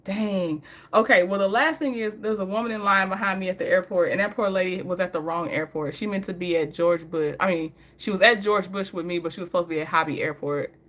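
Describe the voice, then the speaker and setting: This woman's pitch sits fairly low, and she talks fast with a somewhat bright tone. As a vlogger doing casual story time, she keeps things chatty, laughs often, and speaks right to her audience.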